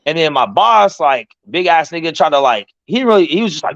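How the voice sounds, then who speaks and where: A man hosting a casual talk show, telling a story in an animated, profane way and acting out the voices of the people in it. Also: a little high, brisk, no room sound, dull audio. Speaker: podcast host.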